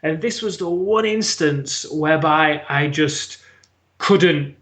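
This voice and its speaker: A man's voice: fairly high pitch, slow, a bit bright. A British man telling a personal story as a podcast guest, frank and swearing freely. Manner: frank, swears freely, acts out his own past words.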